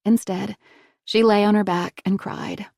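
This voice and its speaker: A woman reading a thriller audiobook in a steady, measured voice on a close studio mic. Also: mid-range voice, gravelly, no echo. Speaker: audiobook narrator. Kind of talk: scripted narration.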